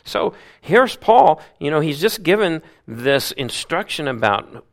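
A man preaching a sermon as a pastor, with animated delivery that swings between loud emphasis and hushed asides, acting out grumbling voices. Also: on the high side, measured pace, vocal fry.

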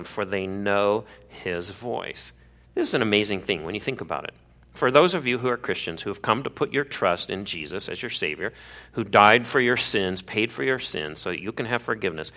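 A man preaching in a bright, forceful voice that sits a little low. He talks earnestly and conversationally, slipping in quick asides to his listeners. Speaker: pastor. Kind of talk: sermon.

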